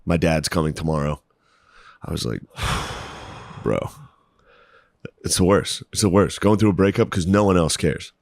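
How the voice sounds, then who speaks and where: A man's voice: low-pitched, lively intonation, measured pace, gravelly, long pauses, no echo. A man co-hosting a podcast, talking crude and laid-back in casual chat. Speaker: podcast co-host.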